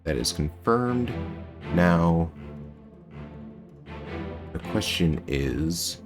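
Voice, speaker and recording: During a live game playthrough stream, an American man with a General American accent and a deep voice draws out his words in a sing-song way, with music playing in the background. He thinks aloud while puzzling over clues.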